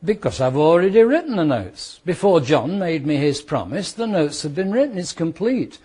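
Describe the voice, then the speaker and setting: A British man teaching a law class to students, explaining with worked examples and repeating key points, sometimes speeding up and sometimes slowing down for emphasis. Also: on the high side, sing-song, dark tone, slightly rough. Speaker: law lecturer. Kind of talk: classroom lecture.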